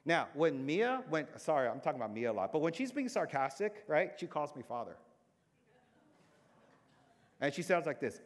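A man's voice: medium pitch, big pitch swings, normal speed, pauses often. Conversational man preaching in a hall. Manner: conversational, with swings between emphatic and hushed. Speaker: pastor. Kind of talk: sermon. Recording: long reverb in a big hall.

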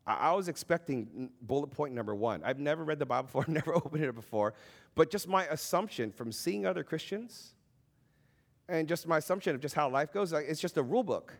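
Thirties male Christian speaker, casual and animated, swings pitch widely, lots of fillers. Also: brisk, creaky. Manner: animated, conversational, with many fillers and acted-out quotes. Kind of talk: informal faith talk.

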